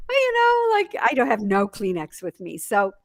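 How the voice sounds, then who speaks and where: A woman minister leading a church service, speaking with halting restarts and soft laughs. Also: a little high, wildly swooping pitch, no echo, clean studio sound. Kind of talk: emotional casual thanks in an online church service.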